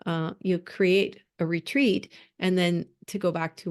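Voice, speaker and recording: A woman's voice: on the low side, fairly even intonation, unhurried, few pauses. Woman course coach, upbeat and encouraging, laughs easily, video call audio.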